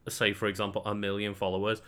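A man's voice: fairly low pitch, monotone, fast talker, bright, forceful tone. A man co-hosting a podcast, thinking aloud in casual chat, hesitant and repeating words. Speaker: podcast co-host.

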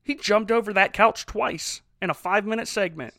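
A man's voice: sits high, normal speed, pushed and bright, no room sound, studio quality. A man casually recapping a bad movie with wry, laughing commentary as a podcast co-host.

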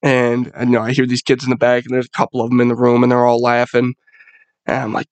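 A man's voice: medium pitch, completely flat delivery, fast talker, darkish tone, no room sound. A young man hosting a podcast, telling a rambling, profanity-laced story in a loose, casual monologue. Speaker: podcast host.

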